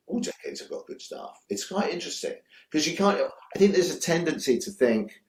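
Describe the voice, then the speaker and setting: A man's voice: fairly high pitch, very animated, brisk, few pauses, darkish tone, reverberant. A man, a guest director telling rambling, enthusiastic stories in a casual interview, swearing freely. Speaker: guest, music video director.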